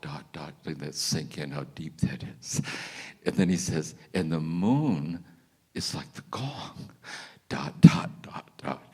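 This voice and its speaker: An older man with a low, deep voice tells contemplative jokes to an audience in a chapel. His delivery is gentle and halting, full of restarts and quiet pauses. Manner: gentle, halting storytelling with restarts and soft laughs. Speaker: retreat speaker. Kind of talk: telling jokes to a live audience.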